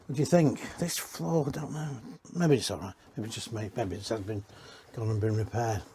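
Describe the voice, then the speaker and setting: A man's voice: fairly low pitch, fairly quick, dark tone, a little hiss or hum. A man giving a casual, rambling walk-around tour inside used caravans, chatting and correcting himself as he goes. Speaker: caravan industry reviewer.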